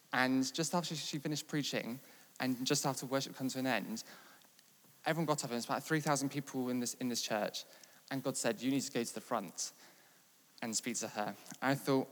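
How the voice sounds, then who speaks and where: A man from England preaching and telling a testimony story, building from steady talk to loud, animated retelling. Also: medium pitch, brisk. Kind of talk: sermon testimony. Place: large church hall. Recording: long reverb of a large hall.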